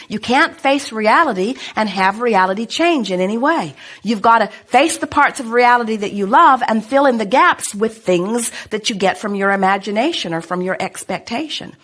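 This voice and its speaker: Calm emphatic woman teaching as "we". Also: medium pitch. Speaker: inspirational speaker answering audience questions. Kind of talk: channeled spiritual teaching talk.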